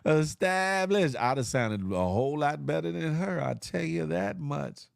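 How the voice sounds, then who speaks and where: A man's voice: fairly high pitch, animated, unhurried, creaky, dry recording, studio quality. A man hosting a live online show, chatting casually with viewers in a loose, joking way, full of slang and sound effects. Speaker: livestream show host.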